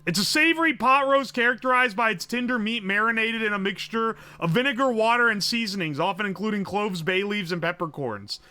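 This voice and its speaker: A man's voice: high voice, fairly quick, hardly any pauses, sharp tone, clean tone. A young man streaming live, swearing, joking and thinking aloud as he guesses. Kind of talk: casual livestream commentary.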